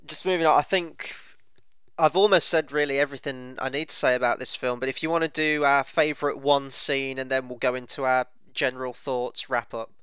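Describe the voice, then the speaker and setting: A man co-hosting a casual film review chat, relaxed and rambling. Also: medium pitch, fairly quick, smooth, no room sound. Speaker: film club co-host.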